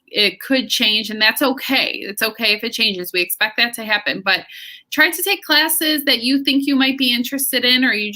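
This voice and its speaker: A woman's voice: a little high, bright, forceful tone. A woman school staff member giving reassuring advice to students on a panel.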